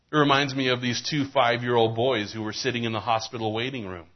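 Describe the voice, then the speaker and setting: A man's voice: mid-range voice, normal speed, hardly any pauses. Folksy male pastor preaching, dull lo-fi sound. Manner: storytelling preacher with folksy jokes. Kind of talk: sermon.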